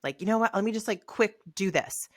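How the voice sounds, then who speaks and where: A woman co-hosting a podcast, telling stories in an animated, casual way with lots of "like.". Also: medium pitch, a little fast, no room sound, studio quality. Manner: storytelling, animated, says "like" a lot. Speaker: podcast co-host. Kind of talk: casual chat.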